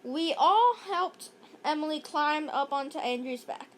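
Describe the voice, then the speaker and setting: A woman reads a children's chapter book aloud, unhurried and deliberate. Her voice sits high, and she drops in playful, jokey asides between scenes. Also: expressive. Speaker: narrator.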